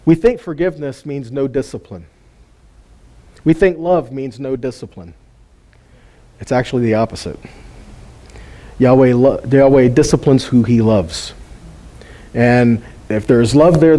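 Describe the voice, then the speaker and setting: A man's voice: medium pitch, unhurried, long pauses, dark tone. A man giving an informal sermon teaching, conversational and full of rhetorical questions and chuckling asides. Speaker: Bible teacher.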